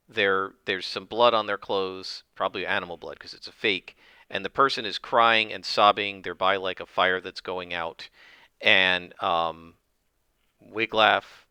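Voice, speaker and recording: Bright-voiced man narrating a solo game. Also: lowish voice, clean tone, no echo, studio quality. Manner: thinks aloud, with many fillers.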